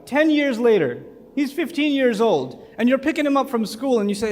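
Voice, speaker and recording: A man preaching a sermon to a congregation in an animated, humorous, conversational way. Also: extremely high pitch, normal speed, few pauses. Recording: echoey hall with faint music.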